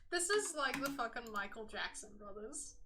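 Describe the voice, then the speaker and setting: A woman streamer chatting excitably during a live game, swearing and laughing often. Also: a little high, moderate pace, background noise. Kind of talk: live stream chat while playing a game. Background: keyboard typing.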